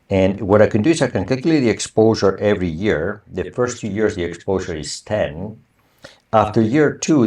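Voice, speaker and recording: A man with a deep, low-pitched voice gives a university lecture. He talks in a loose, conversational way and keeps asking the class whether it is clear. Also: a little mellow. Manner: conversational, asks the class for confirmation. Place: online or recorded lecture.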